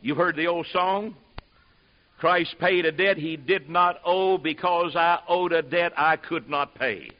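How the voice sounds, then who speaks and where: A man preaching a sermon with a somewhat high voice. His delivery is folksy and drops to asides, then climbs to loud, emphatic preaching. The recording is dull and muffled, like an old tape. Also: a little slow.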